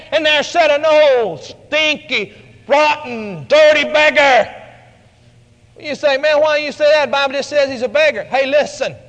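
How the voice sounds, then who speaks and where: A man preaching a sermon, telling the story dramatically and building to shouted lines. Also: very high voice, in a large hall.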